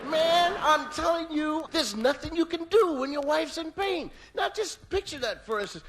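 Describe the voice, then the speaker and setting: High, animated male stand-up comedian. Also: normal speed. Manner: animated, yelling sound effects. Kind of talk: stand-up storytelling. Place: on stage at a live show.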